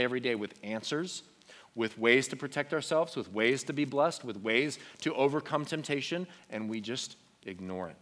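A young man preaching a sermon to teenagers from a stage, earnest and conversational, dropping to quiet emotional tones. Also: medium pitch. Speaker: youth pastor.

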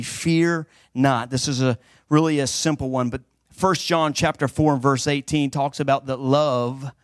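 A man preaching a sermon with fervent emphasis, swinging between loud declarations and hushed passages. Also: medium pitch, no echo, clean studio sound.

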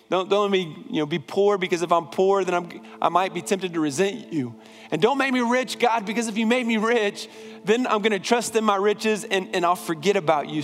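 A male pastor preaching a sermon in a conversational way, often repeating words and restarting phrases. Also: on the high side. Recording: long hall reverb.

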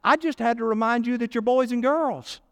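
A man preaching a sermon as pastor, telling a Bible story with playful asides and lively delivery. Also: very high-pitched, a little fast, clean tone. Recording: long hall reverb.

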